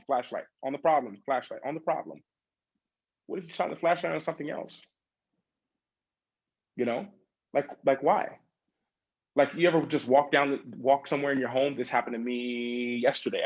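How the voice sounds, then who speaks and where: A man's voice: medium pitch, slightly rough, poor audio. A man leading a group coaching session over a video call, talking in a loose, chatty way with many fillers and acting out the questions people ask themselves. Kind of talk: casual motivational coaching talk.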